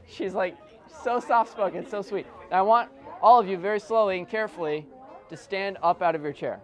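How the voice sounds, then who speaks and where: A man working as a stage hypnotist at a live show, giving rhythmic, repetitive suggestions that sink low and soft, mixed with chatty joking asides to the audience. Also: normal speed, a faint crowd. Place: corporate event room with an audience. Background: faint audience.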